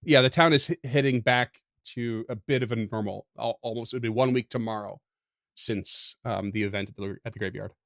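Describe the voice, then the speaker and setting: A man narrating as game master in a tabletop game, halting and full of restarts. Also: mid-range voice, steady tone, gravelly, a bit bright, no room sound, studio quality. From Canada. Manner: hesitant, halting, laughs often.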